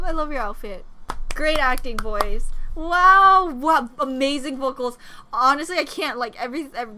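High, bright, gushing woman reacting. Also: a little hiss or hum. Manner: gushing, exclamatory, rambling and emotional. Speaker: K-pop reaction youtuber. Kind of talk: excited music video reaction.

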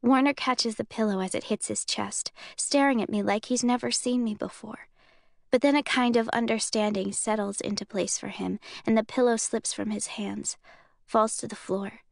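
A woman reading an audiobook in the first person, with even, measured storytelling. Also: mid-range voice, creaky, dry recording, clean studio sound. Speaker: audiobook narrator.

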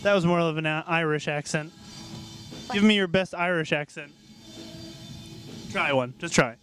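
High-voiced man teasingly quizzing kids. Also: moderate pace, fairly bright tone, faint music behind. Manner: teasing, challenging, mock-serious. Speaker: camp video host asking kids questions. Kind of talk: playful on-the-spot interviewing. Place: at a summer camp.

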